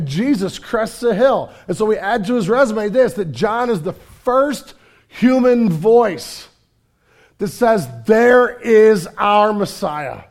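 A man's voice: high-pitched, darkish tone. A man preaching a sermon as pastor, telling the story in a casual, conversational way with fillers and repeated words.

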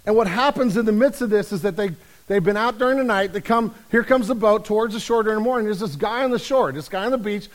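Guy preaching, kinda high voice, jokey and chatty, does little voices for the people in the story. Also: quick pace, low-quality recording. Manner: lively storytelling, acts out quoted voices; humorous, conversational preaching. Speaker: pastor. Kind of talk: sermon.

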